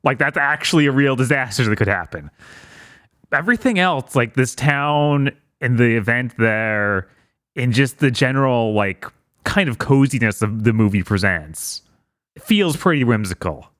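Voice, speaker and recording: A man co-hosting a casual podcast review, talking in a relaxed, hesitant way. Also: medium pitch, moderate pace, no echo, clean studio sound. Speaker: podcast co-host.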